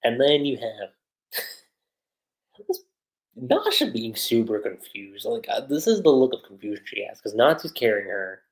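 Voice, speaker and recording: A man chats casually through an anime episode recap on a livestream. He rambles and laughs often, and his pitch swings in a very lively way as he acts out the characters' lines. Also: measured pace, long pauses, rough recording. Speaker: anime reviewer.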